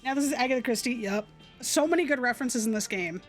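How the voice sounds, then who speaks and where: A woman livestreaming a game playthrough, chatting and reading the on-screen text aloud. Her voice is high and she talks quickly. Faint music plays under her voice. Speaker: streamer.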